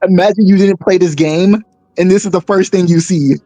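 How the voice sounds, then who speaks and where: Male co-commentator, high voice, rambly and chatty, dry close sound. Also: steady tone, normal speed, mellow, no room sound, faint music behind. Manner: rambling, lots of "like", eager to share. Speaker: co-commentator friend. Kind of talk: casual gaming chat.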